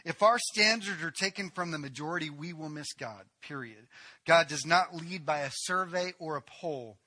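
Impassioned man preaching, high bright voice. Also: moderate pace. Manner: impassioned preaching, swinging between loud emphatic build-ups and quiet drops; repetitive rhetorical lists. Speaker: pastor. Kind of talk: sermon.

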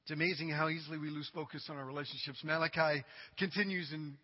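A male pastor preaching a sermon to his congregation, dramatic and humorous, swinging from loud cries to quiet asides. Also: on the high side, fairly even intonation, quick pace. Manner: humorous, addresses the congregation directly. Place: church sanctuary. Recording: dull recording with long hall reverb.

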